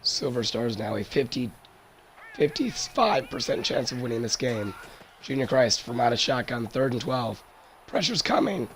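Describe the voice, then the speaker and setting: A hoarse young man doing play-by-play commentary of a football game, his worn-out voice jumping high on big plays. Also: very animated, normal speed, fairly bright tone, slight background noise. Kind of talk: solo sports commentary over a video game.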